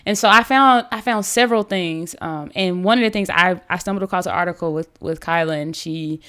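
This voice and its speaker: A woman's voice: lowish voice, brisk, clear, resonant tone. Woman in her 30s, casual storytelling, lots of likes and you knows, jumps around. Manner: animated, many fillers and restarts. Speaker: podcast guest.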